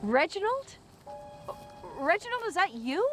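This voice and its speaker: A woman's voice: very high voice, sing-song, a little slow, fairly bright tone, faint music behind, full character voice. An actress playing a grieving mother in the afterlife who speaks with emotional, pleading defiance in a film drama. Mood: bewildered.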